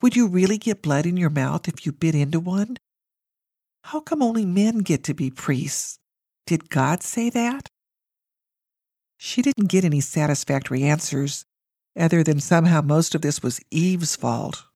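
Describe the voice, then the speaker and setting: A woman reads her family story aloud with wry, measured storytelling. Her voice is low for a woman, recorded close and completely dry. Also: lively intonation, dark tone, no echo. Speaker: narrator, reading her family memoir. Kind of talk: storytelling narration.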